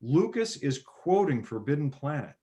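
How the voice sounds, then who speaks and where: A man in casual chat, retelling movie scenes with animated bursts of excitement. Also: a little high, moderate pace, muffled recording. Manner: animated storyteller, acts out film scenes with sudden loud bursts. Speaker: podcast guest.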